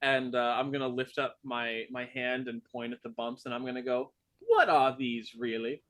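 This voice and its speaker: A man's voice: mid-range voice, completely flat delivery, moderate pace, a bit bright. A man playing a glib, mock-polite character in a tabletop game. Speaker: player. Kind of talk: in-character tabletop role-play.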